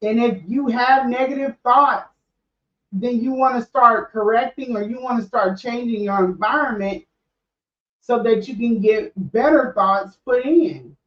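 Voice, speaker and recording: Middle-aged woman chatting candidly on her stream, kinda high voice, far from the mic. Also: unhurried. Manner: candid, conversational, with frequent restarts. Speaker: podcast host. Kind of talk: casual livestream talk. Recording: echoey room, off-mic, dull sound.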